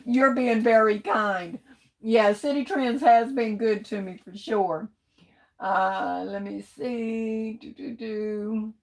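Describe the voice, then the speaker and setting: A woman's voice: a little high, steady tone, takes it slowly. A middle-aged woman hosts a casual livestream, reading out comments and greeting viewers while she holds back coughs and sneezes. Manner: chatty, greets viewers warmly with "hey, baby". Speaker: livestream host.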